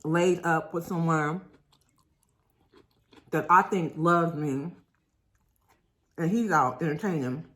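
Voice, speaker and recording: A young woman vlogger chatting casually to viewers while eating, telling a story in an animated way. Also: low-pitched, slow, pauses often. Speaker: mukbang vlogger.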